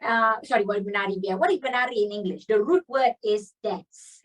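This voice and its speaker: A woman's voice: medium pitch, fast talker, far from the mic, low-quality recording. A Malaysian woman teaching grammar, mixing English and Malay in a chatty, coaxing way and stretching out key words.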